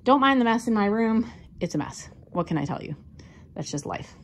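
A woman's voice: fairly high pitch, sing-song, normal speed, a little hiss or hum. A middle-aged woman chatting casually on camera at home, showing off her thrifted decor finds with plenty of enthusiasm. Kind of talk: casual vlog show-and-tell. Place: at home, moving between rooms and outdoors.

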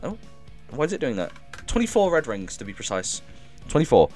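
A man livestreams a game, reading the chat out loud and thanking viewers with excitable energy, coughing occasionally as though he's sick. His voice sits in the middle range and moves fairly quickly, with soft music playing in the background.

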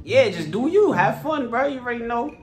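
A young man performing a comedy skit in casual street slang, boastful and excitable, saying "bro" constantly. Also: extremely high pitch, fairly quick. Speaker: comedy skit creator playing an NFL star. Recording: music playing under the voice.

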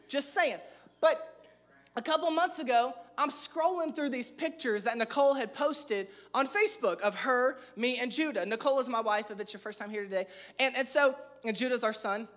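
A male pastor preaching a humorous, storytelling sermon to a live church congregation, animated and self-mocking, with emphatic repetition. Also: extremely high pitch, brisk.

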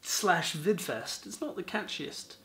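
A man's voice: on the high side, lively intonation, takes it slowly, very noisy. A man narrating his own vlog in a casual scripted way, with dry, self-deprecating jokes. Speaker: vlogger.

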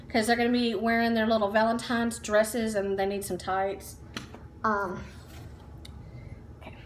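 A woman's voice: a little high, fairly bright tone, echoey room, a little hiss or hum. A woman chatting casually in a home haul vlog, upbeat, with lots of ums and likes. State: out of breath while standing. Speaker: vlogger. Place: room at home.

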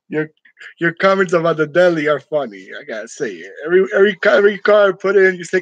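A man's voice: a little high, expressive, moderate pace, long pauses, no echo, highs cut off. A man from New York chatting casually with his viewers, joking and laughing often in a room decorated for Halloween. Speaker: channel host. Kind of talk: casual live chat with viewers.

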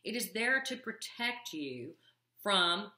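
Woman self-help coach, confiding talk to camera, bright voice, roomy echo. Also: mid-range voice, very animated, takes it slowly. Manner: earnest, confiding, wry asides.

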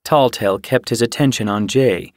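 A man reading an audiobook in scripted, measured narration. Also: medium pitch, no echo, studio quality. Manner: measured, unhurried storytelling.

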